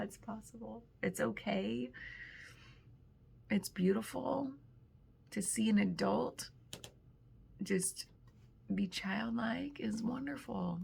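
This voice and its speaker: A woman hosting a spiritual reflection channel, talking in a casual, thoughtful monologue that often breaks off mid-word and slips into soft whispered asides. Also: medium pitch, creaky, husky.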